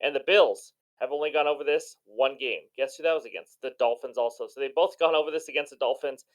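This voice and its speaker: A man hosting a sports betting show, giving enthusiastic and chatty commentary on his picks in a hoarse voice. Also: medium pitch, quick pace, poor audio. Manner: enthusiastic, chatty, self-deprecating. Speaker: sports betting channel host.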